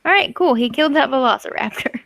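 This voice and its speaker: A woman narrating and refereeing a tabletop role-playing game in a casual, relaxed way. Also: high voice, quick pace, vocal fry. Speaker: game master.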